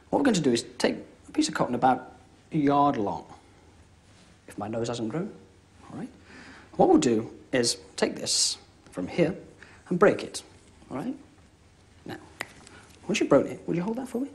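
A young man performing comedy close-up magic, chatty and joking, always checking in with "all right?". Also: fairly high pitch. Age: young adult. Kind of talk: comic close-up magic patter. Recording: live TV studio with audience.

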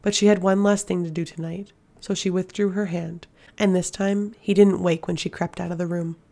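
Woman audiobook narrator, low gravelly voice, steady delivery. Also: moderate pace. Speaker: audiobook reader.

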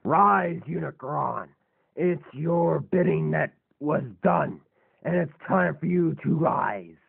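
A man's voice: on the high side, expressive, slow, vocal fry, slightly rough, full character voice. A man voicing a scheming, boastful male robot villain in a fan robot drama, speaking in a gloating, menacing way. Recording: tinny lo-fi phone-like recording.

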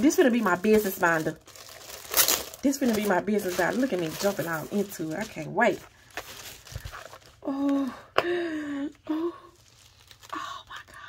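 A woman vlogger chatting casually through an unboxing, gushing and excitable as she talks straight to her viewers. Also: mid-range voice, noisy background.

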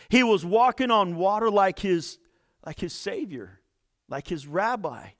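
A male pastor preaches a sermon, reading scripture dramatically and acting out the quotes. Between loud points, he drops into quiet, low asides.

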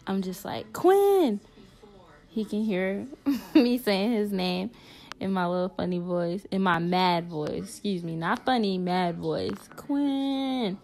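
A woman's voice: lowish voice, a little slow. Chatty young woman vlogging. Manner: chatty, excitable storytelling. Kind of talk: casual vlog chat.

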